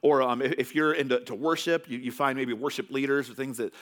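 A man's voice: medium pitch, a little fast, few pauses, a bit bright. A man from California preaching a sermon as pastor, telling stories in a loose, conversational way with many restarts.

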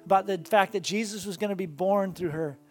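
A woman's voice: mid-range voice, a little fast. A woman pastor preaching a sermon to a congregation in a church, earnest and building with rhythmic repetition. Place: church sanctuary before a congregation.

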